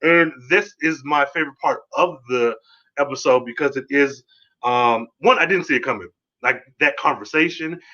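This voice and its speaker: Excited man rambling through an episode review. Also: mid-range voice, moderate pace, muffled recording. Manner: excited, rambling, swears freely, acts out quotes. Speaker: podcast host reviewing a TV episode. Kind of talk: casual solo review.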